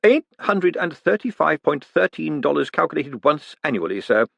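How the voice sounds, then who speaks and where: A man's voice: on the high side, sing-song, moderate pace, a bit bright, no echo, muffled recording, pitched above the performer's own voice, exaggerated voice. A man voicing a prim, precise male bank clerk who speaks stiffly and formally.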